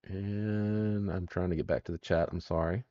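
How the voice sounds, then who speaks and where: A man's voice: low voice, steady tone, normal speed, mellow, no room sound, muffled recording. A man hosting a live stream, chatting casually and rambling as he greets viewers by name.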